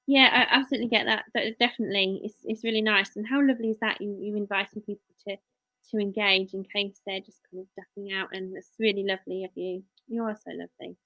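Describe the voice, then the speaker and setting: Bright-voiced English mum chatting. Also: female voice, mid-range voice, steady tone, fast, no room sound, rough recording. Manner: chatty, rambling, talks to viewers and child at once. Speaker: live-stream host, work-from-home mum. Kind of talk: casual live-stream chat.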